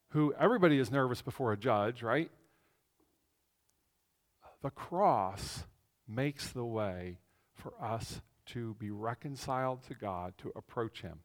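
A man preaching a conversational sermon as pastor, telling the story with animation and swinging between loud and hushed. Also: mid-range voice. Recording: long reverb of a large hall.

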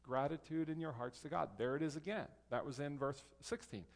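Pastor preaching in a reverberant hall. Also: male voice, a little high. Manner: conversational, reads scripture aloud slowly. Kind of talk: sermon.

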